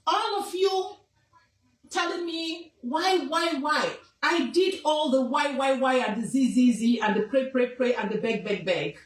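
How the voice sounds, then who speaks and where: Speaking to camera in a high, unhurried voice, a king's advisor from southwestern Nigeria scolds forcefully and repeats lines to drive her point home. She was recorded from afar in a reverberant room, and the quality is low.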